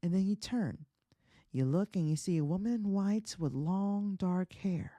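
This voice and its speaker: A woman's voice: mid-range voice, a little slow, warm tone, no echo. A woman hosting a comedy podcast, telling a folk tale in a chatty, profane way and laughing often at her own jokes. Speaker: podcast host.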